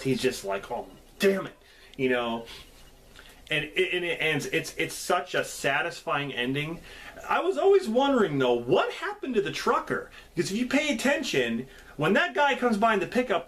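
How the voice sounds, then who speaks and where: A man reviewing a film in a casual recap, excitable and often restarting his sentences. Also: a little high. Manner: excitable, restarts and repeats words. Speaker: movie reviewer.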